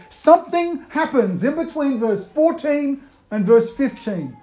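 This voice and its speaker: A man giving a conversational sermon, moving between loud emphasis and quiet, hushed retellings. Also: extremely high pitch, very animated, a little slow. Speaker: preacher.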